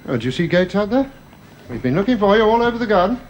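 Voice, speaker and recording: An actor playing a gentle, anxious middle-aged father who soothes with hesitant restarts in a radio drama. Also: sits high, sing-song, fast talker, slight background noise. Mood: worried.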